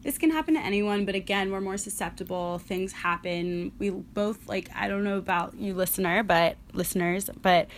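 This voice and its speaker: A young woman co-hosting a relaxed podcast. She talks in a chatty, animated way and tells stories with plenty of energy. Her voice sits at a middle pitch for a woman. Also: moderate pace, few pauses, slight background noise. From New York area. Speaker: podcast co-host. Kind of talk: casual chat.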